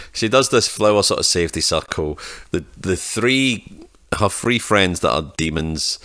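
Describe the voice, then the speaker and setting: A man's voice: rumbling low, fairly bright tone, no room sound, clean studio sound. A man co-hosting a film podcast, recapping the plot in a rambling, jokey way. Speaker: podcast co-host. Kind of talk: casual film review chat.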